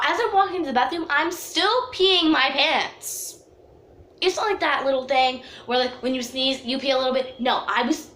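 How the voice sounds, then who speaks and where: A woman telling a storytime vlog story in an animated, dramatic way, full of "like" fillers. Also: sits high, a little hiss or hum. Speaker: vlogger. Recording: echoey room.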